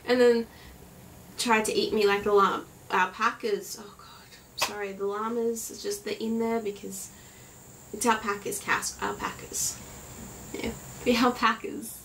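A woman's voice: mid-range voice, steady tone, unhurried, a bit bright, distant mic, a little hiss or hum. A teenage Australian girl in her bedroom, chatting in a rambling, bubbly way and acting out her stories. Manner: bubbly, rambling, acts out stories with silly voices. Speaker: vlogger. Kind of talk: casual vlog chat.

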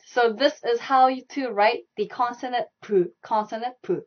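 A woman's voice: on the high side, moderate pace, hardly any pauses. Young woman teaching on a lo-fi stream. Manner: repetitive, demonstrating sounds and strokes aloud. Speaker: Korean language teacher. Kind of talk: live online language lesson. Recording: dull lo-fi live stream audio.

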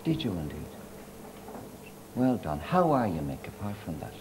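A man's voice: low voice, very animated, normal speed. A man in his sixties hosting a live television chat show, questioning guests in a studio. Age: 60s. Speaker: talk show host. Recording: TV studio with audience and noise.

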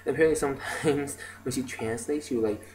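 A man's voice: medium pitch, fast talker, background noise. A man telling stories in a casual video diary, rambling with lots of "like" and "um". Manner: rambling, filler-heavy storytelling with many "like" and "um". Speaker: video diarist.

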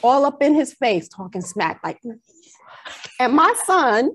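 A woman from Long Island with a New York accent, telling a personal faith story in a casual chat as a podcast co-host, animated and slipping into a New York drawl. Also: sits high, a little slow, slight background noise.

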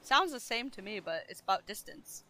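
A woman talking in character during a roleplay game, her voice bright and sharp. She explains things patiently in a casual, easygoing way. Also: medium pitch, very animated, moderate pace, a little hiss or hum. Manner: patient, explaining, laughs easily. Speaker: fellow roleplayer.

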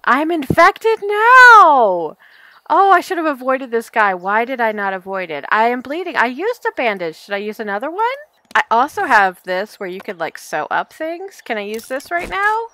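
Lively bright-voiced woman gaming. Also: on the high side, moderate pace, no room sound. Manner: chatty, thinks aloud, talks to the enemies; easily startled, laughs often. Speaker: let's play host. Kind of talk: casual gameplay commentary.

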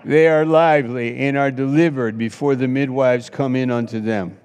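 Man, pastor, fiery sermon, loud outbursts and quiet asides, mid pitch, long hall reverb. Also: fairly even intonation, normal speed, clear, resonant tone. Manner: impassioned, swings between loud exclamations and hushed asides. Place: church sanctuary.

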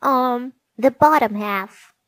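A woman voicing a small, quick-tempered male gnome who shouts indignantly in a storybook reading. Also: on the high side, pitched above the performer's own voice. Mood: grudging.

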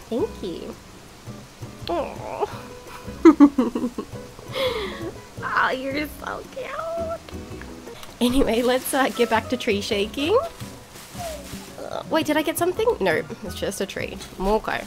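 A young woman with a high, light voice chatting her way through a cozy life-sim game. She talks casually and excitably, and cheerfully curses when things go wrong. Soft game music plays quietly underneath. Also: slow, pauses often. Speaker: gaming video creator. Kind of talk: casual let's-play commentary.

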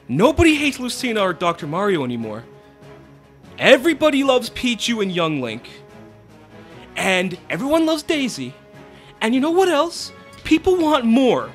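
A young man hosting a gaming let's play, ranting with exasperation and tossing in "right?" again and again. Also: high voice. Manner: animated, exasperated ranting with many "right?" asides. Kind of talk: ranting gameplay commentary. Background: game music.

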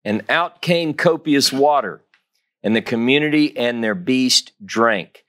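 A man's voice: medium pitch, lively intonation, unhurried, background noise. A man giving a Torah teaching, reading scripture dramatically and stressing key phrases by repeating them. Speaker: Bible teacher.

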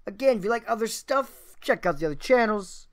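A man's voice: high voice, expressive, brisk. A man hosting a music reaction video, talking casually and enthusiastically, thinking aloud and swearing now and then.

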